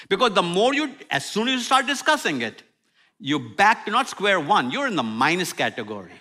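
A middle-aged man preaching a sermon with humor, swinging from loud outbursts to near-whispers. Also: high-pitched, brisk. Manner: animated, humorous preaching with sudden loud and soft turns. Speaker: pastor.

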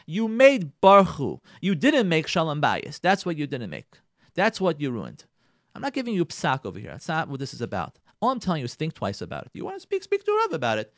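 A rabbi giving a radio talk on marriage, animated, acting out quoted lines and repeating himself. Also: male voice, a little high, dry recording, clean studio sound.

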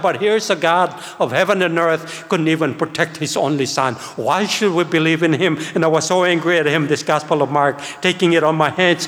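An older man preaches a testimony, his voice set a little high for a man. He tells the story with animation and acts out his past self. The sound rings with the long reverb of a large hall. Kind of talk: sermon testimony.

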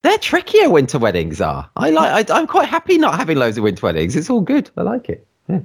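A male podcast host chats casually with his guest in an interview, gushing with enthusiasm. His voice sits on the high side with huge pitch swings, a brisk pace, vocal fry, and a slightly rough edge.

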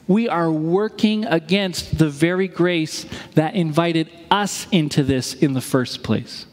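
A male pastor preaching a sermon, telling stories animatedly and acting out the voices of people he quotes. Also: a little high. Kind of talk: sermon with storytelling. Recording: long hall reverb.

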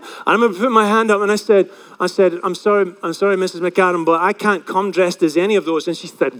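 A man preaching a sermon as pastor, telling stories with animated delivery and acting out the voices of the people he quotes. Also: sits high, fast talker, long reverb tail.

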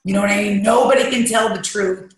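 A woman's voice: mid-range voice, quick pace. A woman guest speaking candidly and emotionally in an interview, recorded at a recovery treatment center. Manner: emotional, confessional, emphatic. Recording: very echoey room.

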